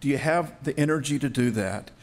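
A man's voice: mid-range voice, a little fast. A middle-aged male pastor preaching a sermon, emphatic and storytelling, with rhetorical questions.

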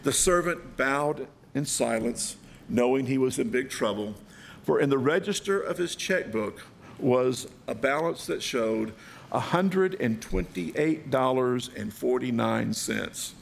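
A man's voice: mid-range voice, lively intonation, a little slow, gravelly, a little hiss or hum. A man preaching a sermon, telling a parable in a dramatic, vivid way. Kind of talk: storytelling sermon.

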